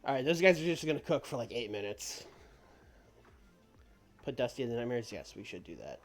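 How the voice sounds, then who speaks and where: Rambling streamer with soft music behind. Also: male voice, medium pitch, sing-song, fairly quick. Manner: rambling, many fillers. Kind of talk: casual game commentary.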